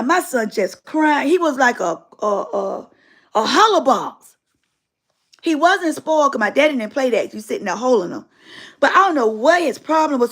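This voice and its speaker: A middle-aged woman hosting a live stream, telling a personal story in a casual, colloquial and emphatic way. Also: high voice.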